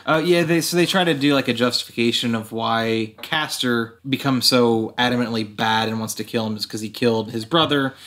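A man chatting casually as a podcast guest, laughing easily and filling pauses with um. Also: mid-range voice, a bit bright. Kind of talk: casual chat.

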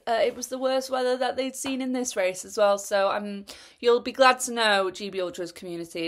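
Woman, young adult, fairly low voice, chatty rambling race recap. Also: fairly bright tone. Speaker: runner reviewing a race. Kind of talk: casual spoken race recap.

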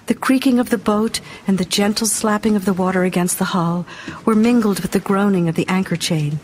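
A woman narrating an audiobook in a measured, dramatic reading style. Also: mid-range voice, darkish tone, a little hiss or hum.

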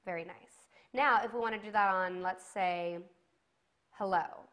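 A woman's voice: mid-range voice, moderate pace, fairly bright tone. A woman teaching a singing lesson to camera, giving encouraging instructions and demonstrating sung vowels between them.

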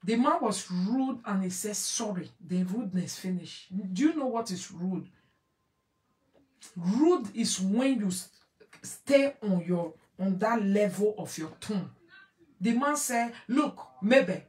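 A woman's voice: mid-range voice, lively intonation, slow, darkish tone, recorded from a distance. A woman with a Nigerian Pidgin accent hosting an online show, commenting emphatically to her audience and repeating phrases as she switches between pidgin and English. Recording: echoey room, voice away from mic.

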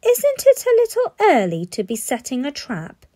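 A woman's voice: high-pitched, wildly swooping pitch, moderate pace, mellow, pitched above the performer's own voice. Woman playing a jittery rich dad, timid and gaspy, storybook reading. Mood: nervous. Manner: nervous, gasping. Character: rich, nervous, fearful father. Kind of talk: storybook read-aloud.

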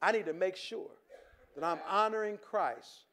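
High-voiced preacher. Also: male voice, unhurried, bright, forceful tone. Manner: conversational, with stammered restarts and chuckles, shifting from joking to earnest. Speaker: pastor. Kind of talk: sermon.

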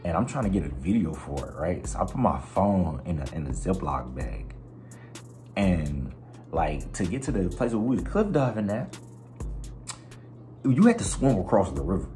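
A young man vlogging, telling a story in a slangy, expressive way and acting out other people's voices and sounds. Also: deep voice, moderate pace, soft background music. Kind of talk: animated storytelling.

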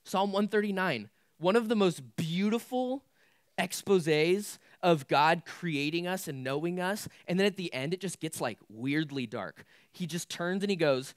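A man's voice: high-pitched, measured pace, no room sound, studio quality. A young man preaching a casual youth sermon, candid and conversational with lots of filler words. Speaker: youth pastor.

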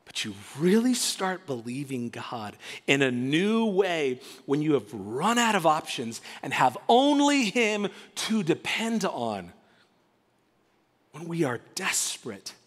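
A male pastor preaches with animated, emphatic delivery, leaning on dramatic pauses. His voice sits high and swings widely in pitch. A long reverb from the church hall trails each phrase. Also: breathy edge. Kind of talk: sermon. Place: church sanctuary.

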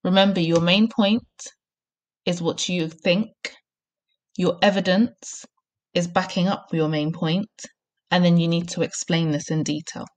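A primary school teacher gives a recorded reading lesson, with clear, encouraging instructions. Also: female voice, lowish voice, steady tone, a little slow.

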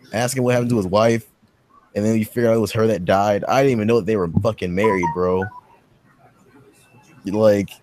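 Guy podcast host rambling and cussing, does squeaky voices for quotes. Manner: profane, rambling storyteller who acts out quotes in a high voice. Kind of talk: casual chat, movie recap.

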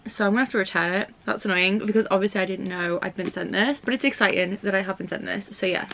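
A woman's voice: mid-range voice, fairly bright tone, slight background noise. A young woman vlogging about books to camera at home, chatty and gushing, full of "like" and "um". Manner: chatty, fills talk with "like" and "um"; gushing, squeals with delight. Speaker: book vlogger. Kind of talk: casual chat to camera. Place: home library room. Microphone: camera mic.

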